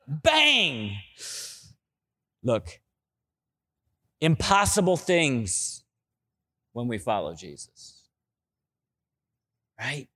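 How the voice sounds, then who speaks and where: A middle-aged male pastor preaching a sermon and telling stories, with loud, excited bursts that drop into soft, low asides. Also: slow, long pauses.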